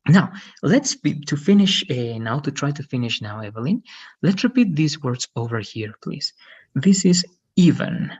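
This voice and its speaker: Man teaching english over a video call, husky voice, muffled call audio, patient, keeps asking right. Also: mid-range voice, big pitch swings, normal speed. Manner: patient, repeats "right?" often. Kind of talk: online English lesson.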